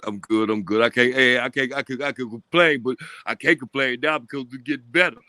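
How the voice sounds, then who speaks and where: Animated man in casual sports chat. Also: medium pitch, brisk, no echo. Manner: animated, repeats "I'm telling you", street slang. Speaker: show panelist.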